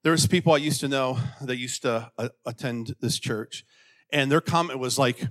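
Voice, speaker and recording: A middle-aged male pastor preaching a sermon in church, swinging between hushed asides and loud, exclamatory bursts. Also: mid-range voice, normal speed.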